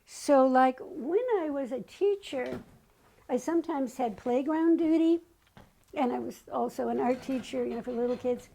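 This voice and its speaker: A woman's voice: sits high, normal speed, creaky, warm tone, low-quality recording. An older woman telling personal stories in a chatty way, often acting out what people said. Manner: chatty, acts out remembered dialogue. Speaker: guest. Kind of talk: personal storytelling.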